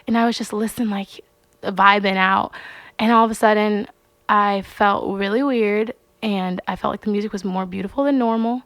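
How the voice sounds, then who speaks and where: A young adult woman, a singer-songwriter and podcast guest, telling personal stories in a casual, animated way, acting out voices and saying "like" often. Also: mid-range voice, normal speed, vocal fry, no room sound. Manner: animated, acts out quoted voices, frequent "like". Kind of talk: casual storytelling interview.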